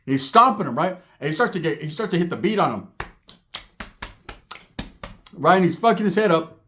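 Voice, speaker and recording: A man from Northern California spins a crude street story, swearing constantly and checking in with "right?". His voice sits a little high, and he tells it in a casual, animated way. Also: normal speed, a little hiss or hum. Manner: profane, animated, rhetorical "right?".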